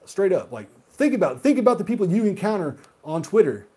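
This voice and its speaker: A man hosting a gaming video who rants heatedly and profanely, swinging between loud outbursts and muttered asides. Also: sits high, big pitch swings, brisk, breathy edge. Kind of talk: solo rant monologue.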